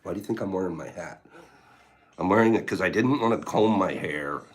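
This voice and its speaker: A man's voice: low voice, animated, fairly quick. A man hosting a casual livestream, rambling and teasing as he reads viewer comments, laughing often. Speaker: livestream host.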